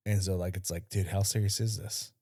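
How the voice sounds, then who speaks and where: A man co-hosting a podcast in casual chat, animated and jokey, often repeating himself. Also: sits low, a little fast, breathy edge, no room sound, clean studio sound. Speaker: podcast co-host.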